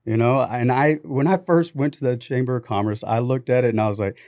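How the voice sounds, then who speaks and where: A man, a podcast guest, telling lively anecdotes in a studio, acting out bits of dialogue. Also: mid-range voice, a little fast, no room sound. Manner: animated anecdotes with quoted dialogue. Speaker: podcast guest, business founder. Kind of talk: casual storytelling.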